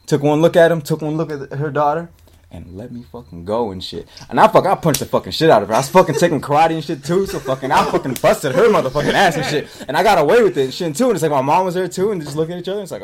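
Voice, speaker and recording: A man's voice: a little high, animated, very fast. A man in his twenties telling a long childhood story in casual, rambling style, swearing almost every line. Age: 20s. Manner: profane, rambling, swears constantly. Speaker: podcast co-host telling a story.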